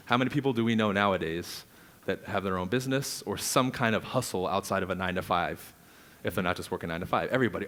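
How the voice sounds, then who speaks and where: A man's voice: lowish voice, quick pace. A man coaching a live audience on real estate prospecting, energetically acting out client dialogue. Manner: energetic, acts out client dialogue, laughs often. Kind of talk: live seminar teaching.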